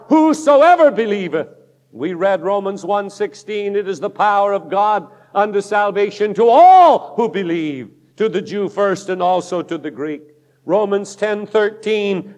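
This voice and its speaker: A man's voice: high voice, big-room sound. A man preaching a sermon as pastor, emphatic and declaiming, quoting scripture with force.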